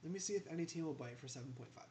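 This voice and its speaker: Gravelly man rambling over gameplay. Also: a little high, rapid-fire, dark tone, slight background noise. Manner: rambling asides, talks back to the game. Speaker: gaming channel host. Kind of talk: casual gameplay commentary.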